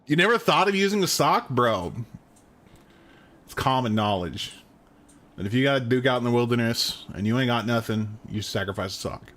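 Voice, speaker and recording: Animated slangy young man streaming. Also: medium pitch, moderate pace. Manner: crude joking banter with chat, slangy. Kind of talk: casual gameplay chat.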